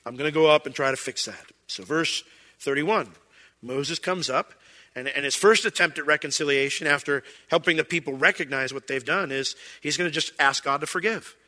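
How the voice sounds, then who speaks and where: Male pastor, conversational sermon, somewhat high, very bright forceful tone. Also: moderate pace, in a large hall. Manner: conversational, acts out quoted voices.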